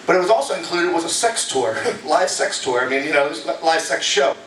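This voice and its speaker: A man with a high voice tells jokes on stage in a loose, conversational way and keeps bantering with the crowd. The club echoes, and the mic picks him up from a distance over a faint background hum. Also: animated, a little fast, a bit bright. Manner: casual, chatty, banters with the audience. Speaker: stand-up comedian. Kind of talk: stand-up comedy set. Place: comedy club stage before a live audience. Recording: echoey club recorded from afar.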